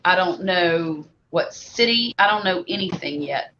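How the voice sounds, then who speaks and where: Casting note: mid-pitched woman, blunt and emphatic, muffled audio. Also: animated, unhurried. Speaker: co-host. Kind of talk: casual chat. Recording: dull audio with faint background noise.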